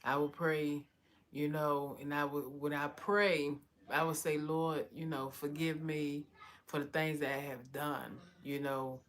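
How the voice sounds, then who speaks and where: A woman's voice: low-pitched, little pitch movement, a little slow. A woman giving a heartfelt personal testimony, often repeating "you know". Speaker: vlogger telling her story.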